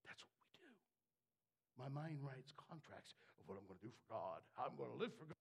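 A man preaching a sermon, dropping to hushed asides and then rising to shouted, fervent declarations. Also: medium pitch, very animated, fairly quick, vocal fry, husky.

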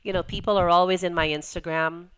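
A woman's voice: fairly low pitch, fairly even intonation, fast, fairly bright tone, a little hiss or hum. A woman coach talking in a casual podcast interview, chatty with lots of fillers, acting out the voices she quotes. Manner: chatty, many "like" and "you know" fillers, acts out quoted voices. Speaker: podcast guest, women's coach.

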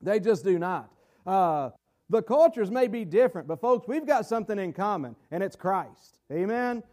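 High-pitched folksy Southern preacher man. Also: lively intonation, normal speed, darkish tone. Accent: Southern American. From American South. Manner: folksy, digressive, rising to emphatic bursts. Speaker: pastor. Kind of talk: sermon.

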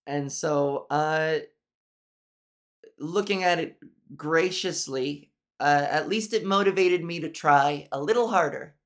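A woman's voice: deep voice, takes it slowly. A woman with a nasal voice hosts a solo podcast. She talks candidly and swears freely, and her monologue rambles along with restarts. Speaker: podcast host.

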